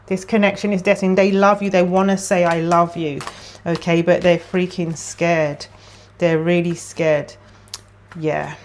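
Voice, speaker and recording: A woman's voice: fairly low pitch, level tone, a little slow, slight background noise. A woman giving a casual tarot card reading to camera. She talks in an emotional, chatty way and thinks aloud as she pulls cards. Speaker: tarot reader.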